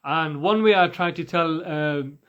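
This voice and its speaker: A man's voice: on the high side, a little slow, a bit bright, clear, resonant tone, muffled recording. A man teaching Quran recitation rules in a patient way, demonstrating and repeating sounds for the listener. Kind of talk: recorded recitation lesson.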